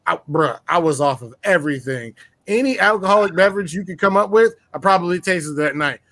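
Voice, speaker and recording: A man telling a rowdy personal story in casual chat, boastful and profane, full of slang and animated bragging. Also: high-pitched, fairly quick. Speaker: podcast guest telling a story.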